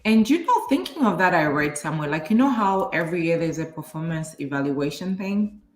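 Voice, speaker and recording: Woman co-host, lowish voice, matter-of-fact, roomy echo. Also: expressive, a little fast. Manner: direct, matter-of-fact, shares workplace anecdotes. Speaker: talk show co-host. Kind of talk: casual chat.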